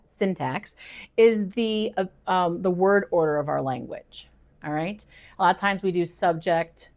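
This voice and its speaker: Woman, middle-aged, reading tutor, video lesson, gravelly, slightly low pitch, thinks aloud. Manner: chatty, self-correcting, thinks aloud.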